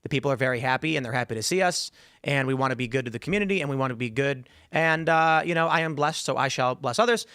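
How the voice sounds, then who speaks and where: A man's voice: mid-range voice, quick pace, fairly bright tone, smooth, no room sound. A male show host chatting in a studio, a rambling storyteller who acts out the voices of people in his stories. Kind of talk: casual studio chat.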